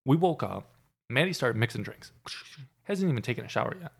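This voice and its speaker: Young male co-host, easygoing and profane, lively intonation, casual chat. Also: mid-range voice, brisk, creaky, husky. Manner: laid-back, swearing. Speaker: podcast co-host.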